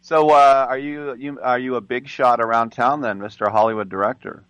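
A man's voice: medium pitch, fairly even intonation, normal speed, fairly bright tone, clean tone, no room sound, lo-fi sound. A man hosting an interview, asking chatty, teasing questions. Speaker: interviewer, host.

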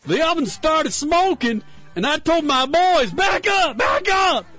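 A man putting on an exaggerated Southern accent to voice a panicked mother shouting at her boys. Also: very high-pitched, lively intonation, a little slow, faint music behind, pitched above the performer's own voice, heavily acted. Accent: put-on American Southern.

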